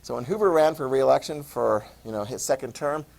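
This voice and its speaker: A man teaching a high school history lesson in a casual lecture style, full of sarcastic asides and telling students to write things down. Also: fairly quick, creaky, a little mellow.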